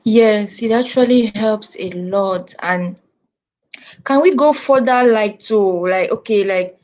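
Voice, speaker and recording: A woman host asking follow-up questions, halting with fillers as she thinks aloud. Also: medium pitch, darkish tone.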